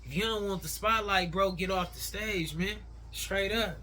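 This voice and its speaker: Brief: male reaction commentator, bright tone, slightly high, opinionated and slangy. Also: moderate pace, a little hiss or hum. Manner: opinionated, conversational, uses slang.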